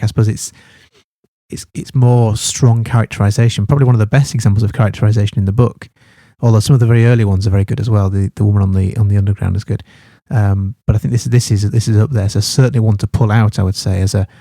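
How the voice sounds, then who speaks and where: A man's voice: fairly low pitch, warm tone, no echo, clean studio sound. A man teaching a study guide, thinking aloud with many fillers and restarts.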